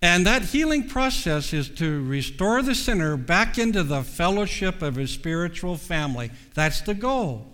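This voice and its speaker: A man delivers a sermon in a slightly high voice, earnest and measured, leaning on slow pauses to stress his points. His words trail off into a long, ringing reverb. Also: big pitch swings, sharp tone. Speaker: preacher.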